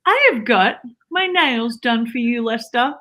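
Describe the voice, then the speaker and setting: Actress as an wife character, bright and keen, earnest improv banter. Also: female voice, fairly high pitch, animated, measured pace. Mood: playful. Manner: earnest, playful, tries on accents. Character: Lester's Australian wife, young adult woman, eager to please. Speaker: comedic co-host character. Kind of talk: improvised comedy sketch.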